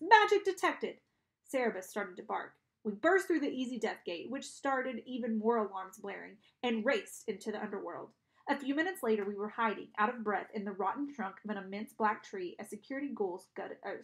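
A woman reading a children's novel aloud in an expressive narrating style. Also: mid-range voice. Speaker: audiobook reader. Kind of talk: storybook narration.

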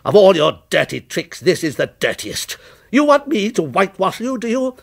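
A man's voice: high-pitched, lively intonation, fairly quick, vocal fry, pitched above the performer's own voice, heavily acted. A man voicing a frightened male writer who stammers and protests, in a dramatic story reading. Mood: defiant.

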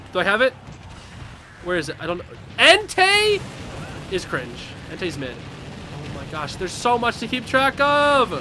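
A young man live-streaming a game, commenting casually and yelling and laughing at the action. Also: high-pitched. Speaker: streamer playing online matches.

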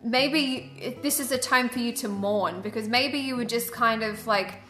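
Woman card reader, chatty and earnest, bright higher voice, echoey room with soft music behind. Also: measured pace. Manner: chatty, earnest, heavy use of "like". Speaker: tarot and angel card reader. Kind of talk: casual spiritual guidance vlog.

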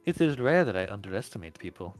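A man's voice: on the low side, sing-song, fast, faint music behind, voice pushed down. A man voicing an amused, flirtatious woman crime boss with a velvety Russian accent, silky and courteous.

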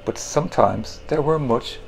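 A man, the author, reading his children's picture book in an animated, playful way and making the sound effects himself. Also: medium pitch, a little slow, creaky, noisy background.

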